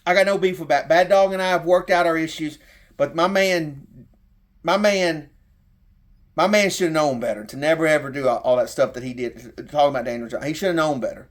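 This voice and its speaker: A man's voice: a little high, a little fast. A middle-aged man with a Southern accent delivering a heated, profane sports rant as a fan content creator.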